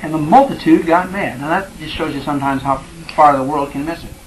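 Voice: mid-range voice, steady tone, fairly quick, rough recording. A Bible class teacher walks a group through a passage, reading it aloud and then putting it in plain, everyday words. The delivery stays conversational and keeps checking in with the listeners. The voice sits mid-range, with faint noise in the background.

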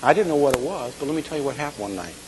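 A man's voice: medium pitch, animated, very fast, darkish tone. A man teaching a sermon in a conversational way, often checking in with his listeners. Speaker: Bible teacher. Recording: echoey hall with faint hiss.

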